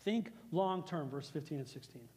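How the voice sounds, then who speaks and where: A man's voice: a little high, lively intonation, moderate pace, long reverb tail. A man preaching a conversational sermon as pastor, repeating phrases for emphasis. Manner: conversational preaching, repeats phrases, acts out God's lines softly.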